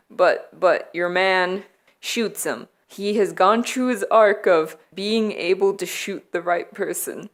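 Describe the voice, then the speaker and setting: A young adult woman vlogger retelling movie plots from memory in a playful, deadpan way, laughing often. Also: lowish voice, takes it slowly. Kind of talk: comedic movie recap from memory.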